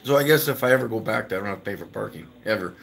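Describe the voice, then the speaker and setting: A man's voice: medium pitch, vocal fry, a bit bright, slightly rough. A man hosting a live stream from home, telling casual, rambling stories, swearing freely and laughing as he talks.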